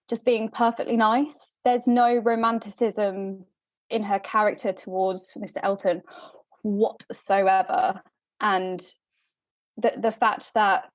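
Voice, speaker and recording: A woman hosting a podcast in casual chat, laughing often and slipping into quick voices for characters. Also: medium pitch, no room sound. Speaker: podcast host.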